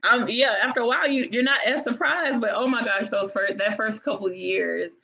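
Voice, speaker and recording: A woman telling dispatch stories in casual chat, lively and laughing. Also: a little high, a little fast, gravelly. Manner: lively, laughing, acts out callers. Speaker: guest, dispatch trainer. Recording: dull lo-fi audio.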